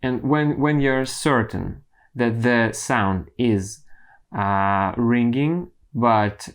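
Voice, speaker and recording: A man teaching singing, explaining vocal technique slowly and carefully, pausing and restarting as he goes. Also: medium pitch.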